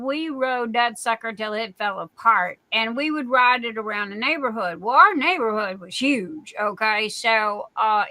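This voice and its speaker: Middle-aged lady rambling folksy stories on a live stream, bright voice, kinda high, dry close sound. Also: no room sound. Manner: folksy, rambling, chatty with many fillers. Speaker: livestream host. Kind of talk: casual storytelling chat.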